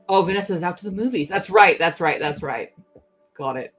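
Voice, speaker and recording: A young woman hosting a casual livestream from home, chatting and giggling as she answers her chat aloud. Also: fairly low pitch. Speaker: livestream host.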